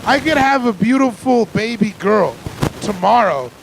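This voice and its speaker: A high-pitched male comedian works a club stage, telling stories in a dry, deadpan way. His bits build into loud, excitable rants. The live recording has a lot of noise behind his voice. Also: a little slow, vocal fry. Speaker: stand-up comedian. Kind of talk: stand-up comedy set.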